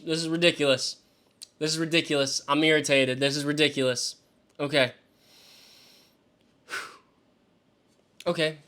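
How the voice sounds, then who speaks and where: A man hosting a live stream as he works through a mock draft, talking to himself and swearing freely. He swings between exasperated yelps and low mutters. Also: sharp tone. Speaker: fantasy football show host. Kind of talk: live-streamed solo commentary.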